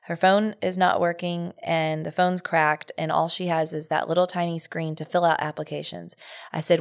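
A woman's voice: on the low side, flat delivery, moderate pace, vocal fry. A woman co-hosting a podcast, talking in an earnest, reflective way in casual chat. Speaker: podcast co-host.

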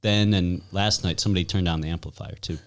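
Brief: man, fairly low voice, relaxed venue manager telling a story. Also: quick pace. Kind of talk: casual chat.

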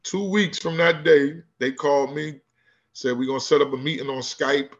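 Animated male coach telling stories. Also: a little high, moderate pace, lo-fi sound. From Newark, New Jersey. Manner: animated storyteller who acts out quoted voices. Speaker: guest, high school basketball coach. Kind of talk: casual interview storytelling.

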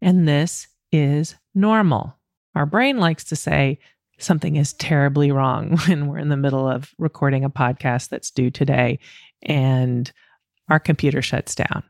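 A woman's voice: deep voice, fairly even intonation, measured pace, vocal fry, darkish tone, no room sound, studio quality. A middle-aged woman hosting a solo coaching podcast, candid and self-deprecating, laughing often as she talks. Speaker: podcast host.

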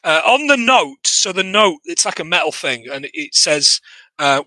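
A man's voice: sits high, lively intonation, measured pace, bright, forceful tone, no room sound, rough recording. An English man co-hosting a podcast, chatting casually about a film with lots of swearing and restarts. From England. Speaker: podcast co-host. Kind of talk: casual chat recapping a film.

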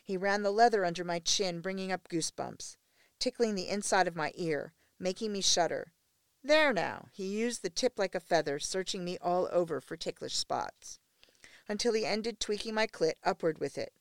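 A woman narrating a first-person erotic story in an intimate, steady reading voice. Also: fairly low pitch, moderate pace, smooth, dry recording. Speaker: audiobook narrator.

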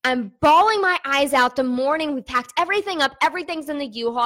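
A woman's voice: high voice, lively intonation, quick pace, fairly bright tone. A young woman business owner giving an emotional, candid, chatty vlog update, talking to her viewers like friends. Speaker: online business owner giving an income report. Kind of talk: casual to-camera vlog talk.

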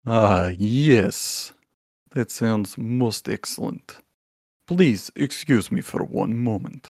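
A man voicing a smooth-talking male animal talent agent in a tabletop role-play, formal and scheming. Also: lowish voice, slow pace, darkish tone, no echo, clean studio sound.

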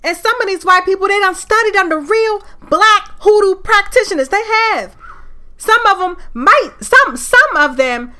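Fiery, bright-voiced woman podcaster. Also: very high voice, animated, a little slow. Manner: fiery, preachy, loud at times. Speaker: podcast host. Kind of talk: impassioned solo podcast rant.

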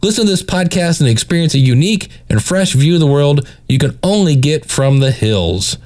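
Slightly high-voiced man critiquing podcasts. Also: lively intonation, a little fast, a little mellow. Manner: hesitant, picky, talks in restarts. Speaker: podcast reviewer. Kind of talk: casual critique over playback.

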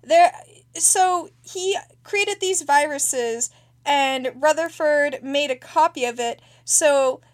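A woman casually recapping a TV episode as a podcast co-host, animated and acting out lines, with casual swearing. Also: sits high, takes it slowly.

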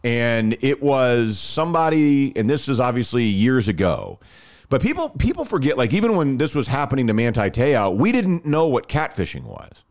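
A man in his thirties, medium-pitched and speaking at normal speed, casually shares a personal story on a podcast. He's animated and acts out the dialogue as he goes.

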